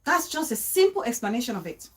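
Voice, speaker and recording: A woman talks to her livestream audience in an animated, chatty way. Her voice sits a little high, and she repeats phrases for emphasis, stops to greet viewers by name, and laughs easily. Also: quick pace. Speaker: livestream host. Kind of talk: casual live-stream talk to viewers.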